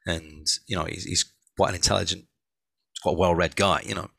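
Man, gravelly low voice, bright edge, dry close sound, animated rambling chat, author guest on a show. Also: fairly quick, dry recording. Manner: animated, rambling, many restarts, laughs often. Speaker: author and audiobook narrator, guest. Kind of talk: casual conversation.

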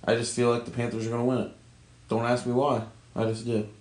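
A man's voice: mid-range voice, level tone, fast, a little mellow, echoey room, poor audio. A man co-hosting a podcast, chatting casually about sports, joking, opinionated and swearing freely. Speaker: podcast co-host.

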